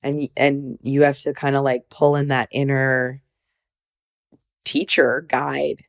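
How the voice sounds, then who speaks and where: A woman's voice: a bass voice, flat delivery, slow. A woman hosting a podcast, casual and reflective, affirming her guest often. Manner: supportive listener, frequent affirmations, reflective. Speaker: podcast host. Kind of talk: casual conversational interview.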